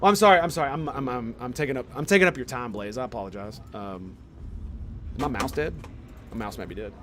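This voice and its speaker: Rambling, excited young male streamer. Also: medium pitch, fast, slight background noise. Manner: excited, rambling, slangy with lots of "dude" and "man". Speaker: game streamer. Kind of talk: casual chat while streaming.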